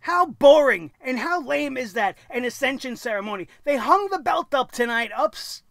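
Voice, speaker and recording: A man's voice: very high-pitched, lively intonation, moderate pace, vocal fry, fairly bright tone, no room sound, clean studio sound. A man giving a ranting, sarcastic solo review of a wrestling show, exasperated and opinionated.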